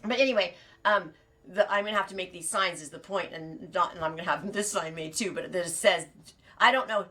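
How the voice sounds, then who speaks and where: A woman's voice: fairly low pitch, fairly quick, a bit bright. Chatty woman rambling on a live stream. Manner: chatty, digressive, laughs often, many restarts. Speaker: sheep farmer and knitting vlogger.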